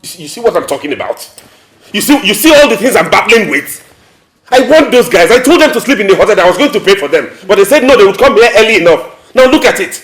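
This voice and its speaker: An exasperated Nigerian groom with a high, animated voice. He sounds like he is in an echoey room, with faint music underneath. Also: quick pace, exaggerated voice. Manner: exasperated, complaining. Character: frustrated groom on his wedding day.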